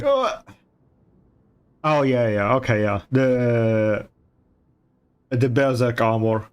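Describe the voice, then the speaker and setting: A man chatting casually with his stream viewers while painting, teasing and swearing with a sarcastic edge, chewing ice as he talks. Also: medium pitch. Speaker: livestreaming artist.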